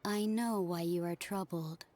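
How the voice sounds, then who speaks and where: A woman voicing an unseen, mysterious woman in a video game, speaking slowly and solemnly, partly in a whisper. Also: on the low side, fairly even intonation, darkish tone, no echo, natural voice. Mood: cryptic.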